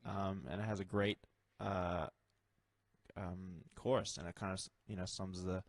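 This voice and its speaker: A man's voice: low voice, little pitch movement, unhurried, gravelly. An Australian man answering interview questions in a playful, rambling way, with frequent ums and jokes. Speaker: band member interviewed. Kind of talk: casual joking interview.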